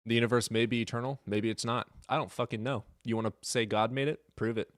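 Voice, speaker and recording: A man's voice: mid-range voice, steady tone, quick pace, no echo, clean studio sound. A man hosting a live stream, chatting casually with his chat in a blunt, sarcastic and profane way.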